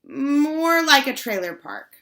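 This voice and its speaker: A woman's voice: high voice, very animated, takes it slowly, pushed and bright, voice pushed up, heavily acted. A woman voicing a blunt, tomboyish fifth-grade girl who stumbles over her words, in an audiobook. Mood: awkward. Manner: hesitant, stumbling.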